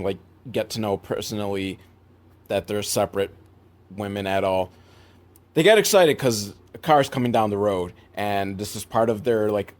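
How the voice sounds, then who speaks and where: A young man recapping a film for laughs, in a mid-range voice that suddenly leaps up when he gets worked up. He rambles, doubles back and drops sarcastic asides. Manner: rambling, sarcastic, big swings in pitch. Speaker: movie reviewer.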